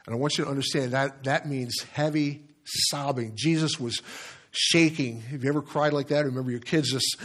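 A man preaching a sermon as a pastor, earnest and measured, pausing and correcting himself as he reads scripture aloud. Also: medium pitch. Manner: earnest, with pauses and self-corrections while reading scripture.

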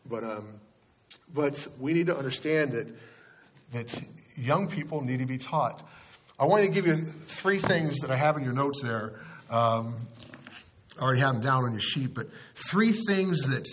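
A man's voice: on the high side, a bit bright, slightly rough. A male pastor giving a sermon in a conversational storytelling way, often restarting his sentences.

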